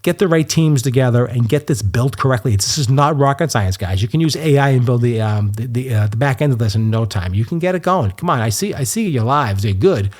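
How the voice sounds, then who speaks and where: Male solo podcast host, fast, chatty delivery, restarts often, gets fired up. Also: mid-range voice, lively intonation, a little mellow.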